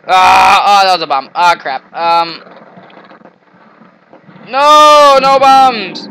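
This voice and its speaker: A man playing a video game and commenting, excitable, often shouting and taunting the enemies on screen. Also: high-pitched, gravelly, a little hiss or hum, poor audio. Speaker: gamer. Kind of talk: let's play commentary.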